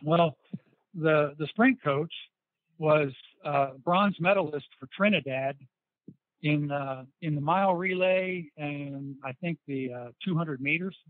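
A man's voice: a little high, slow pace, no room sound. A man, a guest in an interview, telling long rambling anecdotes with many restarts and quoted dialogue. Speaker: interview guest, former football player. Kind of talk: casual storytelling interview. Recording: dry tinny phone-like sound.

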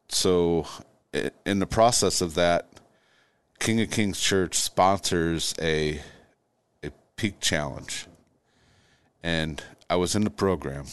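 A middle-aged man, a guest, telling his own story in conversation, halting and repeating words as he goes. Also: low-pitched, dry recording.

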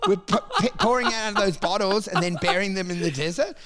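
Animated high-voiced Australian man. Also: quick pace, vocal fry, heavy background noise. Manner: animated, swearing, bursts into shouted bits. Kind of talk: casual comedic chat.

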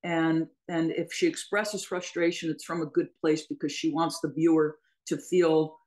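A woman's voice: deep voice, flat delivery, normal speed, rough recording. A woman sports broadcaster telling a travel story in casual podcast chat, emphatic and laughing often. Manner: storytelling, warm laughs between lines, emphatic.

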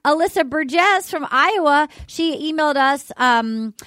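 A woman's voice: high-pitched, lively intonation, unhurried, fairly bright tone, no room sound, clean studio sound. A woman hosting a podcast, chatty and gushing as she reads listener mail. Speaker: podcast host. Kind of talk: casual chat.

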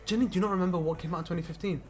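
A man jokes through a casual film chat, often restarting his sentences. His voice is a touch higher than most men's, and faint music sits behind him. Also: fairly even intonation, rapid-fire. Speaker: podcast co-host. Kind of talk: casual chat about films.

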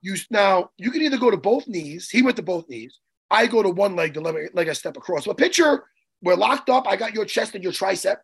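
A man co-hosting a chat show, telling a story in an excitable, profane way with lots of restarts. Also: high-pitched, brisk, gravelly, husky. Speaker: podcast co-host and martial arts coach. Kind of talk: casual chat, animated storytelling.

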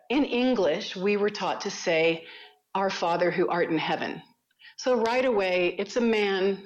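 A woman, a guest on an interview podcast, telling her story in a lively, conversational way and laughing often. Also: medium pitch, lo-fi sound. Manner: animated, laughs often, retells quotes.

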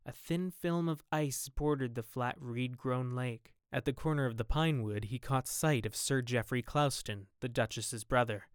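A man's voice: mid-range voice, normal speed, hardly any pauses, clean tone, no room sound. Man, audiobook narrator, clean resonant voice, dry studio sound, voices each character. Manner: acts out each character with raised, loud dialogue. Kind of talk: scripted narration.

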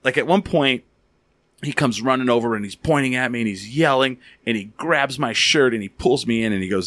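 A man hosting a podcast, telling stories in a casual, animated, rambling way with a lot of filler words. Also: medium pitch, brisk, no room sound. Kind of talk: casual storytelling and interviewing.

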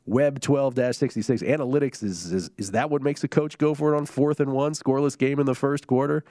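A man's voice: medium pitch, dark tone, no echo, studio quality. Man hosting a sports betting show. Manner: quick, loose delivery with filler hums and restarts. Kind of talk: casual sports talk, reading listener tweets.

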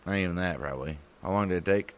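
Male co-host, low register, profane, rambling storyteller who slips into character voices. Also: fast, smooth. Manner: rambling, profane, acts out imagined dialogue. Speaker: podcast co-host. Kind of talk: casual history podcast banter.

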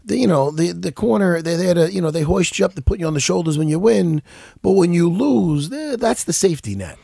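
Gravelly, rambling man swearing casually. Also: high voice, animated, brisk, warm tone, no echo, clean studio sound. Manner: rambling, swears often, many restarts. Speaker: podcast co-host. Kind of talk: casual profane chat.

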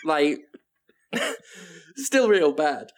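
A comedy podcast co-host improvising an absurd film pitch, animated and silly, laughing often. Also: drawn-out words.

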